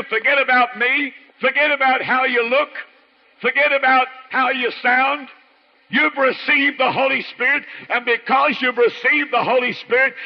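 A man preaching a sermon with an emphatic, repetitive cadence. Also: very high-pitched. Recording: muffled sermon recording in a reverberant hall.

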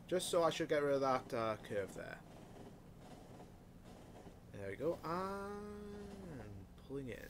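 A man's voice: medium pitch, expressive, moderate pace, creaky, long pauses, noisy background. A man giving casual, muttered commentary while he plays a factory-building game, swearing often. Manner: muttering to himself, frequent swearing. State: hiccups. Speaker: let's play host.

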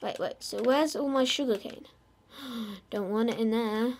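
A woman narrates her gameplay in a relaxed, drawn-out way, teasing her in-game animals in a playful singsong. Her voice sits a little higher than usual, and she takes her time with every phrase. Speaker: gamer. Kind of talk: casual gameplay commentary.

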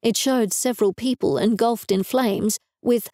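A woman's voice: mid-range voice, normal speed, mellow, no room sound. A woman reading a first-person novel aloud in a dry, wry manner, recorded close to a studio mic. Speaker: audiobook narrator. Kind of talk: scripted narration.

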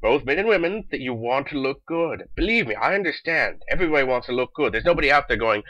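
A young man delivering a sarcastic, exasperated comedic rant in an animated way, on slightly dull lo-fi audio. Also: mid-range voice, fast, few pauses, dry recording. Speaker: vlogger.

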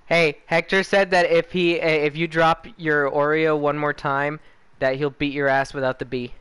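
A man's voice: on the high side, flat delivery, normal speed, a bit bright, slight background noise. A young man streaming a shooter game, chatting casually and joking with his friends. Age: young adult. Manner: joking, relaying what friends say. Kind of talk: casual chat while gaming.

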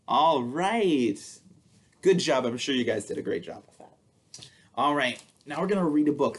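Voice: mid-range voice, slight background noise. A storytime host at a public library who sings songs and reads a picture book to babies, in a playful, coaxing way. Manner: sing-song, playful, coaxing.

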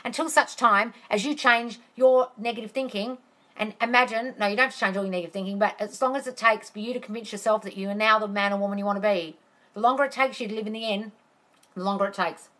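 Bright, blunt, profane woman coach. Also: mid-range voice, fast talker. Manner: blunt and profane, exasperated rants; calls viewers darling. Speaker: manifestation coach. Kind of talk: live-stream Q&A, reading comments.

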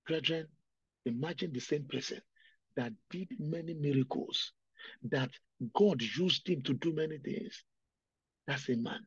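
A man's voice: fairly high pitch, moderate pace, darkish tone, slightly rough, dry recording. A man preaching an emotional sermon, crying out and repeating his phrases with great feeling. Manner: impassioned, repeats phrases and cries out. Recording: dull, dry lo-fi sound.

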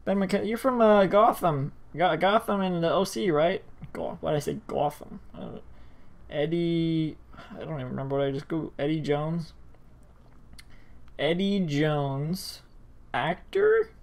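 A man's voice: a little high, measured pace. A man hosting a let's play, rambling in casual commentary with frequent stammers and self-interruptions.

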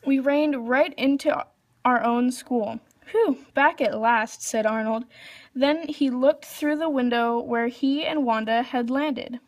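A woman with a fairly high voice reads a children's storybook aloud. She reads the narration plainly and lifts her pitch for the characters' lines. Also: takes it slowly. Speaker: reader.

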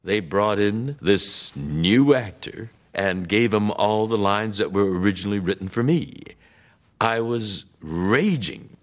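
A man in an interview, recounting a grievance in a measured, indignant way. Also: lowish voice. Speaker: interviewee, actor.

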